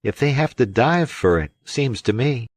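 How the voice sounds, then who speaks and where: A man voicing a cheeky teenage fisher boy in an audiobook, quick and teasing. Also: medium pitch, animated, dry recording, studio quality, voice pushed up, lightly acted.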